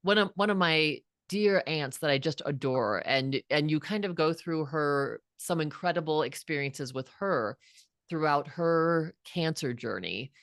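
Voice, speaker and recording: A woman's voice: low voice, unhurried, fairly bright tone, dry recording, clean studio sound. A woman in her fifties, a guest author, telling a personal story in an earnest, reflective way with frequent restarts. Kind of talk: heartfelt storytelling.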